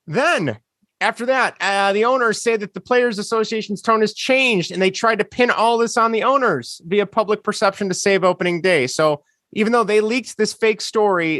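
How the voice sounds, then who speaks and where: A man's voice: sits high, normal speed, a bit bright, no room sound, clean studio sound. A man co-hosting a podcast, ranting sarcastically in casual chat. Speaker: podcast co-host.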